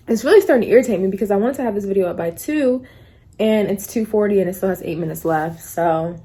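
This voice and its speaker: A young woman vlogging casually to her phone camera, rambling through stories in a chatty, animated way. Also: mid-range voice. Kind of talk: casual vlog chat.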